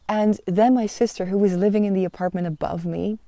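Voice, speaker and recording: A woman's voice: medium pitch, fairly even intonation, a little fast, hardly any pauses, mellow, dry recording. A woman hosting a personal podcast, talking in an earnest, confessional way with frequent "you know" fillers. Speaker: podcast host.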